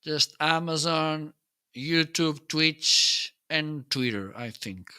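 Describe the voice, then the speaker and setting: A man's voice: fairly high pitch, animated, slow pace, pushed and bright, clean tone. A man hosting a casual livestream, demoing his gear and searching for words as he goes. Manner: hums nonsense syllables while testing. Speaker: livestream host.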